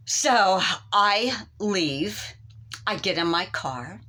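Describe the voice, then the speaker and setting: Animated woman telling a comic story. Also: mid-range voice, measured pace. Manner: animated, exaggerated exclamations. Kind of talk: comedy sketch monologue.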